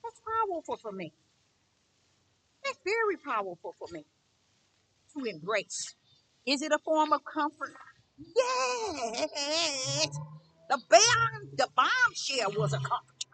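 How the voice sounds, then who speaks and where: A woman's voice: high voice, big pitch swings, slow pace, pauses often, bright, forceful tone, a little hiss or hum. A middle-aged woman preaching a spiritual monologue, emphatic and repetitive, testifying at length. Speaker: spiritual teacher.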